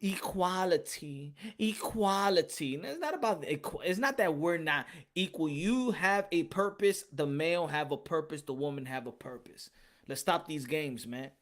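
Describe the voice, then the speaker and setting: A male podcast host delivers a casual rant in a fairly high, animated, slightly bright voice at a moderate pace. He's emphatic and repetitive, hammering his points again and again and slipping into Spanish phrases.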